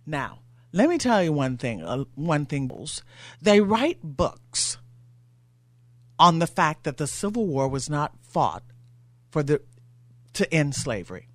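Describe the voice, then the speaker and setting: Radio host, studio monologue, animated, worked up, rhetorical questions, dry sound. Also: medium pitch, takes it slowly, long pauses, no echo. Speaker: radio talk show host.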